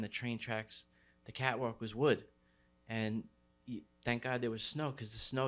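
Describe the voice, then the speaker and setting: New man telling a street story. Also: medium pitch. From New York City. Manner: street slang, many fillers. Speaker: graffiti writer. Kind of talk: storytelling interview.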